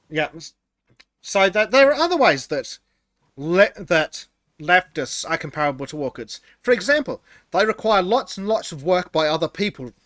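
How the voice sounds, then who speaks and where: A man's voice: high-pitched, very animated, moderate pace, fairly bright tone, dry recording. A man co-hosting a casual podcast, reading chat comments aloud, laughing often and stumbling over his words.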